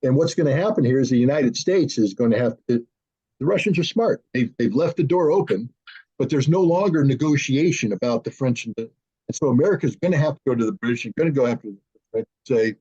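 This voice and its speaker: A man speaking as an arms control analyst in a panel discussion, animated, acting out both sides in quoted dialogue. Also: medium pitch, a little fast, husky. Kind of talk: conversational panel talk. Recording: dull lo-fi remote audio.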